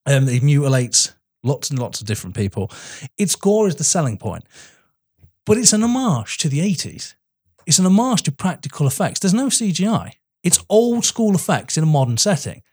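Animated man reviewing films. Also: normal speed, breathy edge. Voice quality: animated, emphatic, rising pitch when excited. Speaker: podcast co-host. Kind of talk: casual film review chat.

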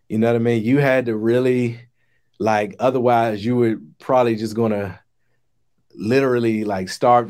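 A man's voice: on the low side, darkish tone. A middle-aged man, hosting a casual discussion stream and talking to viewers in a loose, rambling way. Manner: conversational, rambling with restarts and asides to viewers. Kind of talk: casual spoken commentary.

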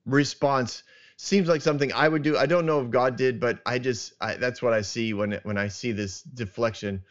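A man hosting a casual Bible discussion podcast, earnest and halting, with many restarts and soft chuckles. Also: medium pitch, muffled recording. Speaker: podcast host.

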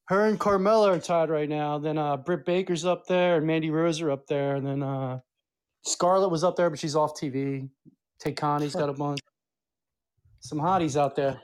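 A man's voice: fairly high pitch, steady tone, moderate pace, smooth. A man with a Philadelphia accent co-hosting a wrestling podcast in loose, slangy banter. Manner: laid-back slangy banter. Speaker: podcast co-host. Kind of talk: casual wrestling chat.

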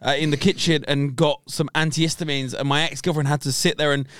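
Southern english guy, comedian, crisp smooth voice, bit high, dry close mic. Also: little pitch movement, fast talker, a bit bright, dry recording. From southern England. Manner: storytelling with bursts of laughter. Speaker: comedian guest. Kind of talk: crude banter.

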